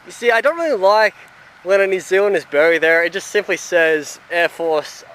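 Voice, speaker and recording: A man on a walking tour of a cemetery, reading out names and inscriptions haltingly with many pauses and fillers. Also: high voice, a bit bright. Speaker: travel vlogger. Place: outdoor cemetery.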